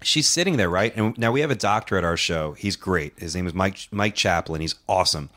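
A man's voice: sits low, brisk, a bit bright. A man on a casual podcast, telling a rambling story with lots of swearing and acted-out quotes.

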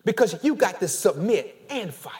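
A man preaching a sermon as pastor, animated, with call-and-response and casual storytelling asides. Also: high-pitched, moderate pace.

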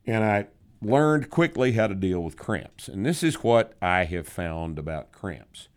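A very deep-voiced man hosts a podcast and answers listener questions. He is blunt and sardonic, swears freely, and stretches out words to make his points. His talk is casual and unpolished. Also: expressive, clean tone. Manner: blunt, profane, sardonic, with drawn-out emphasis.

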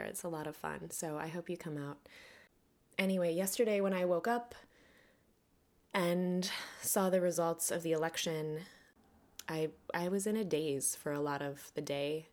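A woman hosting a podcast, talking earnestly and reflectively, now and then laughing softly. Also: deep voice. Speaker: podcast host. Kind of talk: personal monologue.

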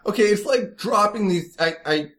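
Animated male podcast co-host. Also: high voice, normal speed. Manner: animated, mimics others in put-on voices. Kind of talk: casual banter.

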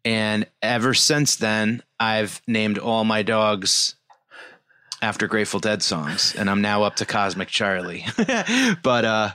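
Low, smooth-voiced man telling stories. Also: animated, takes it slowly, pushed and bright, dry recording, clean studio sound. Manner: rambling storyteller, frequent fillers. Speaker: podcast co-host. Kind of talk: casual chat.

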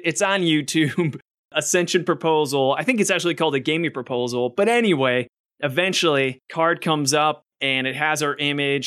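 A man's voice: on the high side, fairly bright tone, clear, resonant tone. A man hosting a podcast, eagerly telling a story in a casual chat. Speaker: podcast host.

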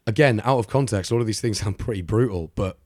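Man with a lowish voice, dry and close, for casual true-crime podcast banter. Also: a little mellow, no room sound. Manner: chatty storyteller, filler-heavy, quick to laugh. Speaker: podcast co-host.

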